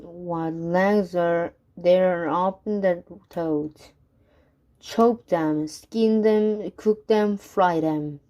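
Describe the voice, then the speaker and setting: A woman voicing a greedy, shouting crowd of Frenchmen in a storybook reading, loud and eager. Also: lowish voice, fairly even intonation, extremely slow.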